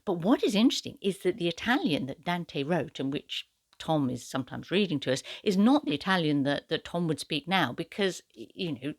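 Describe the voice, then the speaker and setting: A woman's voice: lowish voice, lively intonation, brisk, no room sound. A woman book vlogger talking casually about poetry in translation, chatty and hesitant with many fillers. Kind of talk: casual book review talk.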